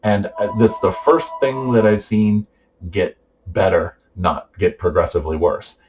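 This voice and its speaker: A man's voice: low voice, steady tone, a little slow, darkish tone, faint music behind, low-quality recording. A middle-aged man giving a casual personal update, rambling with many fillers and restarts. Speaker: vlogger giving a family update.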